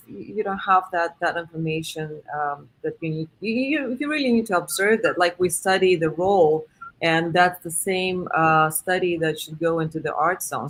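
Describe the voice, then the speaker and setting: Enthusiastic woman interviewer, low-ish voice. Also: fairly bright tone. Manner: enthusiastic, affirming, loose with fillers. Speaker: host. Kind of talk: interview, casual chat.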